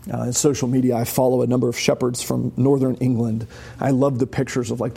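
A man's voice: medium pitch, vocal fry, warm tone, breathy edge. A man preaching a sermon as a pastor, conversational and emphatic, asking the congregation rhetorical questions. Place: church.

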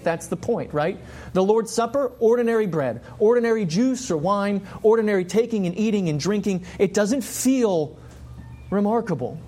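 A man's voice: high-pitched, darkish tone. A man preaching a sermon, passionate and full of repeated rhetorical questions.

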